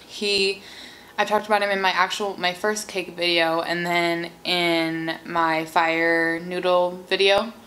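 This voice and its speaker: A woman's voice: lowish voice, little pitch movement, slow pace, pushed and bright, rough recording. A bubbly young woman in her twenties chats to her viewers as she tastes food. Her talk is loose and filled with "like" and "um", and it is recorded on a simple camera mic. A faint hiss sits under the voice. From Seattle. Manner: bubbly, chatty, lots of "like" and "um". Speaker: mukbang vlogger. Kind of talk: casual chat while eating.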